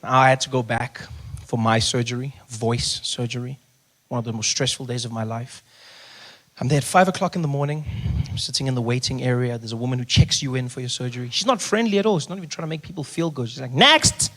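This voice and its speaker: A male stand-up comedian, telling animated stories and acting out voices. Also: mid-range voice, quick pace. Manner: animated, acts out characters, shouts at punchlines. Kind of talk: stand-up storytelling. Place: live comedy venue with audience.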